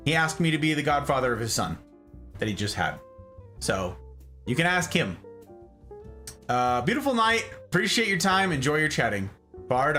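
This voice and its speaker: A man's voice: medium pitch, bright, forceful tone. A man hosting a live stream in casual chat, reading out viewers' messages and answering them.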